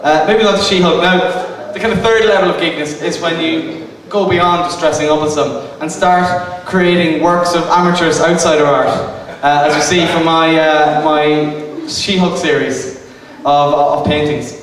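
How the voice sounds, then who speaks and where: A man delivers a comic lecture to a live crowd, stumbling through ums and restarts as he mocks himself. His voice sits a little high and comes from a distance. The hall around him rings with long echo, and a noisy hum runs underneath. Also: fairly even intonation, normal speed, few pauses, fairly bright tone. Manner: hesitant, self-mocking, many ums and restarts. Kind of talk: stand-up style comic lecture. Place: arts centre venue with live audience. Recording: echoey hall recorded from far off, noisy.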